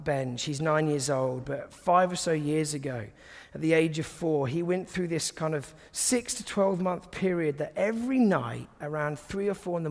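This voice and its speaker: A man giving a sermon to a congregation, conversational and humorous, often dropping to soft, hushed tones. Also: high-pitched, big-room sound. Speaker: guest preacher. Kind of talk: sermon with personal stories.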